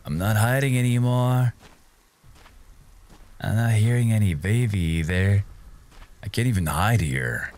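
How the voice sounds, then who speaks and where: A man's voice: fairly low pitch, unhurried, pauses often, a little mellow. A young man commentating a horror game playthrough, talking to himself and yelping and gasping at scares. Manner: jumpy, yelps and gasps at scares, talks to himself. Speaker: gaming streamer.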